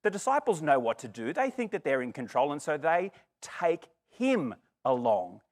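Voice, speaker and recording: A middle-aged man preaching a sermon, lively and expressive, acting out the voices in the story. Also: on the high side, moderate pace. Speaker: pastor.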